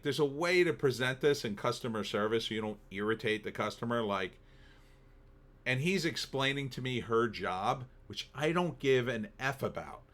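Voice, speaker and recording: Exasperated man with a bright voice. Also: medium pitch. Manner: exasperated, sarcastic, acts out both sides of the dialogue. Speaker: vlogger telling a story. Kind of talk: casual storytelling rant.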